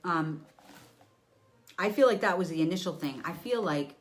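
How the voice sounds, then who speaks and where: Animated, blunt-talking woman psychic medium. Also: fairly low pitch, normal speed, faint music behind. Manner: animated, blunt and profane, acts scenes out with sound effects; talks to an unseen listener and to viewers. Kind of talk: live psychic reading for viewers.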